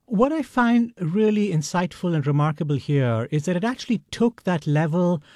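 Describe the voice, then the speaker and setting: Lively-voiced male interviewer. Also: high-pitched, normal speed, dry recording, studio quality. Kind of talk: interview questions.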